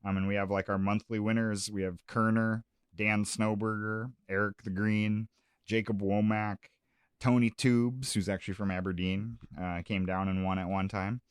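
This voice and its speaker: A man's voice: on the low side, flat delivery, normal speed, smooth, no room sound, studio quality. A man from South Dakota, a music and comedy promoter, chatting casually on a radio show, rambling with lots of fillers and restarts. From Sioux Falls, South Dakota.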